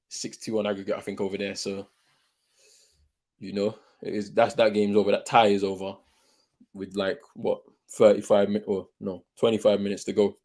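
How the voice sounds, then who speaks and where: Young man, watchalong host; slangy, excitable, repeats lines, jumps from shouts to mutters. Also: on the low side, normal speed. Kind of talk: live football watchalong commentary.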